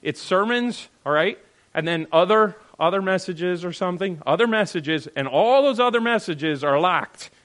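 A fairly high-voiced man gives a conversational Bible teaching, talking straight to his listeners. He is animated, rising loud and then dropping to a hush, and keeps checking in with "all right?". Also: moderate pace. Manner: animated, swings between loud and hushed. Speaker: preacher.

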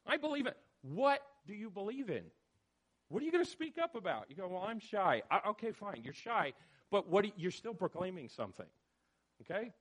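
A man leading a church study discussion, animated and questioning, calling on people by name. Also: high-pitched, fairly quick, husky. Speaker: church study group leader.

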